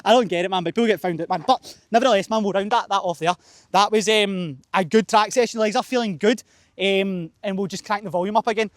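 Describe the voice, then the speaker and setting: Young male coach, winded, casual and profane, quick high voice. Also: no room sound, studio quality. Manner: sweary, chatty, says man and mate a lot. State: out of breath after running. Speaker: fitness coach. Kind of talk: casual vlog chat. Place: outdoor running track, cold.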